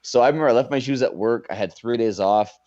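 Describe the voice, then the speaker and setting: A man's voice: mid-range voice, fast talker, darkish tone, dull audio. A man co-hosting a wrestling podcast in casual chat, telling stories with a laugh and plenty of swearing. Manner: laughing, storytelling, profane. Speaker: podcast co-host.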